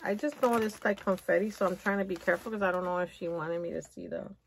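A woman's voice: lowish voice, steady tone, fast, gravelly, noisy background. A woman vlogger opening happy mail from a friend, chatting casually and gushing over each gift. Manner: gushing, giggly, talks to viewers. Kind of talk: casual unboxing chat.

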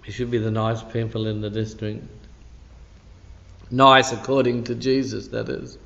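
He's a pastor teaching midweek in a church hall, his mid-range voice unhurried, flat, fairly bright, and touched with vocal fry. Though the pitch stays flat, the manner is conversational and emphatic, loaded with asides and "you know," on a dull, echoey recording.

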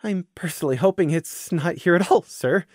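A man's voice: high-pitched, moderate pace, a little mellow, dry recording, clean studio sound, voice pushed up. A man voicing a nervous young deer soldier who hesitates with ums and uhs.

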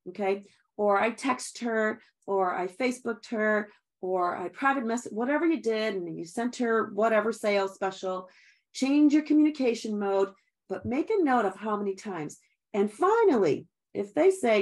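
A woman's voice: a little high, animated, brisk. Chatty, encouraging woman sales trainer. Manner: chatty and encouraging, addresses listeners as guys, laughs often. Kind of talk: upbeat sales training talk.

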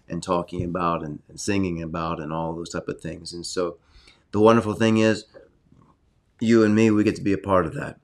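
A man preaching informally from his home study to an online audience, earnest and conversational, now and then raising his voice loudly for emphasis. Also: deep voice.

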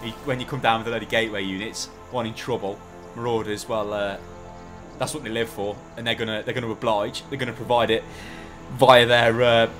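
A man's voice: mid-range voice, fairly even intonation, fairly quick, music in the background. A man commentating an esports match on a headset, joking and rambling in casual banter. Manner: jokey, rambling, teasing.

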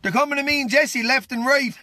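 A man, tired and worn out, preaching on a live stream in an excitable, fervent, exclamatory way. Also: very high-pitched. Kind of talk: impromptu livestream preaching and greetings.

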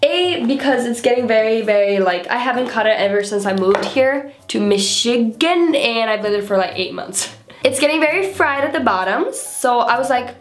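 A woman's voice: fairly high pitch, lively intonation, moderate pace. A woman chatting casually and giggling nervously in a home vlog, swearing freely. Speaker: beauty vlogger. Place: bathroom at home. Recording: echoey small bathroom.

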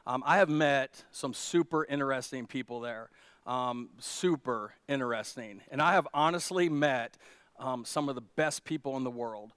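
A man's voice: medium pitch, moderate pace, a bit bright, clean tone, no echo. Male pastor, conversational storyteller with emphatic peaks; dry close mic, no room sound. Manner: storytelling, many restarts and fillers, building to emphatic peaks. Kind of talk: conversational sermon. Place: church.

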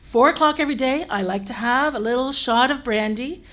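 A woman's voice: sits high, brisk, a bit bright. A woman voicing a feisty ninety-four-year-old care home resident who speaks firmly and plainly. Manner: firm, plain-spoken.

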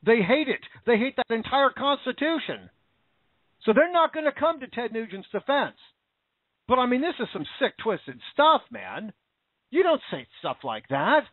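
A man's voice: high-pitched, no room sound. An American man giving an indignant, repetitive political opinion rant. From United States. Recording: dry, phone-like narrow audio.

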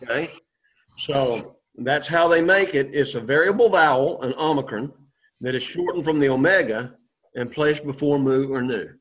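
A man's voice: fairly high pitch, normal speed, fairly bright tone, lo-fi sound. A man teaching a Greek class, explaining patiently and checking in with "okay?" after each point. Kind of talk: classroom lesson.

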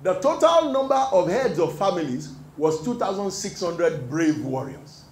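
A man's voice: sits high, very animated, measured pace, darkish tone, echoey room, rough recording. A male pastor preaching a sermon, reading scripture and putting questions to the congregation for them to answer. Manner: emphatic call-and-response preaching.

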